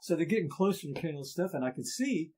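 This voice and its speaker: A middle-aged man with an Appalachian accent, a folk musician telling stories in a casual podcast chat, lively and doing voices for the people in them. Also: on the high side, racing, crowd noise, poor audio. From Appalachian Ohio. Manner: animated storyteller, does voices in quotes.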